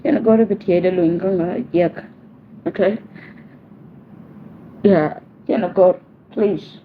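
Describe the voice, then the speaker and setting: Lady begging slow n repetitive, kinda high voice, sounds like a phone call, bit of hiss. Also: steady tone. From South Sudan. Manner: pleading, repeats herself insistently. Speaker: message sender. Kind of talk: personal spoken message. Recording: tinny phone-line audio, faint hiss.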